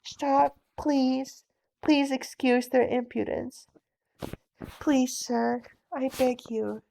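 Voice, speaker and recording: Soft pleading mother, read by a woman. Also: sits high, fairly even intonation, very slow, vocal fry, slight background noise, full character voice. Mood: begging. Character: gentle pleading pregnant mother. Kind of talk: bedtime-story audiobook reading.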